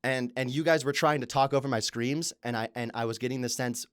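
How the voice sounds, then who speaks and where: A man co-hosting a podcast, telling an animated, profanity-laced story in casual chat. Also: mid-range voice, a little fast, clear, resonant tone, dry recording, studio quality. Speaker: podcast co-host.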